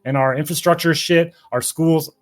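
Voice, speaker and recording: A man's voice: fairly high pitch, fairly even intonation, normal speed, faint music behind. A man speaking as an activist guest in a casual interview, heated, profane and passionate, admitting he gets emotional.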